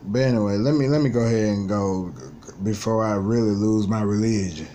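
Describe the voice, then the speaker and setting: A man in his twenties with a fairly low voice talks straight into his vlog. He is frustrated and vents bluntly, with a lot of swearing. A faint hiss sits behind him. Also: a little fast, warm tone. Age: 20s. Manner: blunt, profane, frustrated venting. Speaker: vlogger. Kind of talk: personal vlog monologue.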